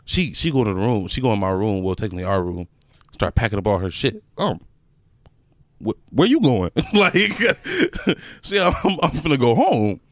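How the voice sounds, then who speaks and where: A man's voice: fairly low pitch, moderate pace, no room sound. A young man, a podcast co-host, telling a personal story in casual slangy chat with friends, laughing as he goes. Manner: animated, laughs through his story, slangy.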